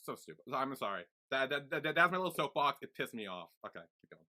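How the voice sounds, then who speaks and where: A man's voice: medium pitch, very animated, fast, pushed and bright. A man co-hosting a podcast, giving a blunt, swearing rant in casual chat. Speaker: podcast co-host.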